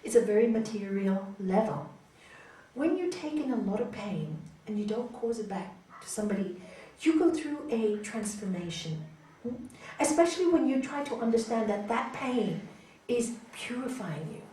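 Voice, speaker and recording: A woman's voice: a little high, normal speed, slight background noise. A woman teaching raja yoga to an audience, telling stories and acting out quoted voices, often checking in with a questioning "hmm?". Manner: animated storyteller, acts out quoted voices, frequent "hmm?" to listeners. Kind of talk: spiritual talk to an audience. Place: hall. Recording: echoey hall, voice from a distance.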